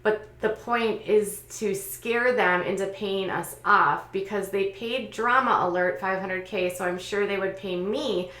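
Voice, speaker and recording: A woman host recounting online gossip and reading out posts, in a conversational way with frequent pauses and fillers. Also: medium pitch, a bit bright, reverberant. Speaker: commentary channel host.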